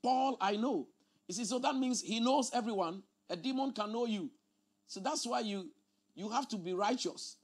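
A man's voice: high-pitched, moderate pace. A man preaching a teaching sermon, explaining scripture emphatically and often repeating his words.

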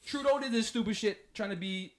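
A man from Canada hosting a podcast in casual banter, loud and laughing, swearing freely. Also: high voice, a little fast. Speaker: podcast host.

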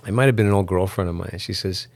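A male musician with a New York accent, chatting in an interview, halting and full of restarts. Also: low voice, creaky, darkish tone, dry recording. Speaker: musician guest. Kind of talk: casual interview chat. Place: video call at home.

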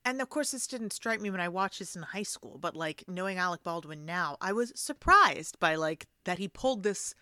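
Woman podcast cohost, lowish voice that moves around a lot, bright tone, thoughtful casual chat. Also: expressive, normal speed, hardly any pauses, no room sound, studio quality. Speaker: podcast co-host. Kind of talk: casual film discussion.

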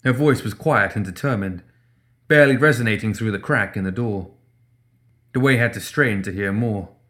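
Deep-voiced man narrating a story. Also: normal speed, fairly bright tone. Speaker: audiobook narrator.

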